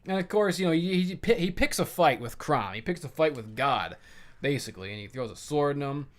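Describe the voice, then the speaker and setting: A man's voice: a little high, brisk. Brief: male comic podcast host, casual, foul-mouthed, rambling. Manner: profane, rambling and animated. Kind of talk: casual comic book chat.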